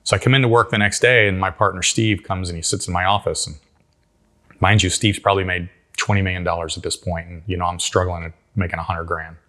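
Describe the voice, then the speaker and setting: Male interview guest, deep-voiced, tells stories with energy and folksy grammar. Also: fast talker. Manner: animated storyteller acting out quotes. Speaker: guest entrepreneur. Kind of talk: storytelling interview.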